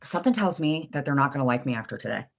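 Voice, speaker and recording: A woman's voice: very deep voice, lively intonation, rapid-fire, vocal fry. A middle-aged woman with a blunt, insulting, exasperated manner, ranting in casual chat on a livestream. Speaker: livestream commentator.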